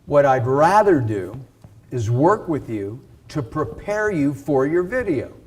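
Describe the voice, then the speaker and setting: A man giving a casual live sales pitch for his coaching to an audience, talking in an animated way with fillers and restarts. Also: slight background noise. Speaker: video and speaking coach.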